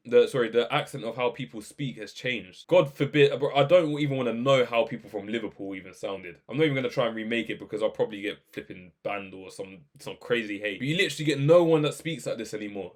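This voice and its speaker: A young man giving casual, animated reaction commentary, ranting and firing off questions. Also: medium pitch, brisk, hardly any pauses. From England. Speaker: video reaction host.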